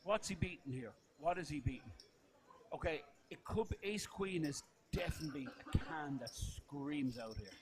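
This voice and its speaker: A man commentating live poker, calmly breaking down each hand. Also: on the high side, moderate pace, slight background noise. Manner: analytical, explains the hand play.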